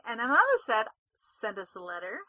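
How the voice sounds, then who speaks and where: A woman's voice: medium pitch, animated, brisk, sharp tone, no room sound. A woman co-hosting a gaming podcast, chatty and giggly, often trailing off mid-sentence. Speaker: podcast co-host. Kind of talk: casual chat.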